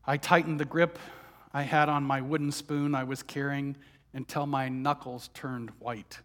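A man telling a story as a first-person dramatic monologue, moving between hushed, heavy lines and heated outbursts. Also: mid-range voice, little pitch movement, unhurried.

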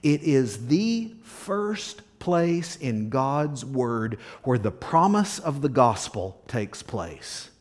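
A male pastor preaching a sermon, asking the congregation questions and swinging between loud emphasis and hushed near-whispers. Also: mid-range voice, big pitch swings, drawn-out words, hardly any pauses.

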